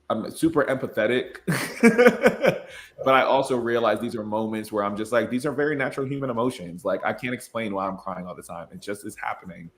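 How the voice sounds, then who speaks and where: A man in his twenties, an educator and podcast guest, talking in an earnest, reflective way and laughing easily. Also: lowish voice. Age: 20s. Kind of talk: casual conversation.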